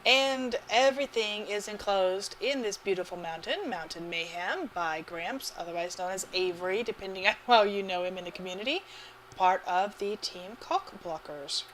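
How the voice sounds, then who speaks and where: A woman's voice: mid-range voice, normal speed, rough recording. Chatty woman casting a game match. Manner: chatty, laughs often, excitable. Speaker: match commentator. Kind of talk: live esports commentary. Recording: faint background noise.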